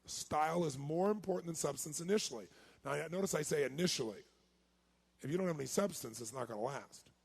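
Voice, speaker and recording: A man giving a live seminar talk as a motivational speaker, energetic and quizzing his audience. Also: a little high, fast talker. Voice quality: raspy, gravelly.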